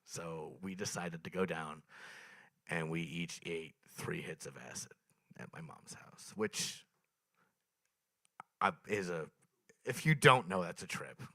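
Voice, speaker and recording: Young male stand-up comic, bright forceful voice, dry close sound, dark deadpan storytelling. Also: low-pitched, slow, vocal fry, pauses often, no echo. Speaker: stand-up comedian. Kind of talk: stand-up comedy set. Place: small open mic venue.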